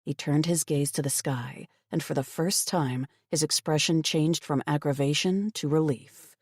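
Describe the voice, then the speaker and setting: A woman giving expressive, wry first-person audiobook narration on a close studio mic. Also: deep voice, a little slow, breathy edge, dry recording.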